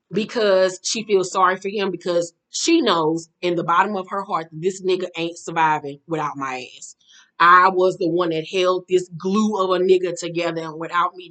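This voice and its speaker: A woman's voice: on the low side, a bit bright. A woman hosting a casual reality TV recap, blunt and profane, laughing and acting out the people she quotes. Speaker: reality show recap host.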